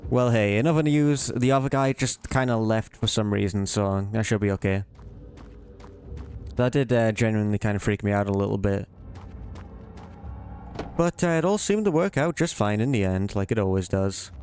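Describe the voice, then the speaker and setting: A man's voice: lowish voice, moderate pace, pauses often, darkish tone, soft background music. Playful man teasing game monsters. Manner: playful, teasing the monsters in a silly sing-song way. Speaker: let's play gamer. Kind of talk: casual gameplay commentary.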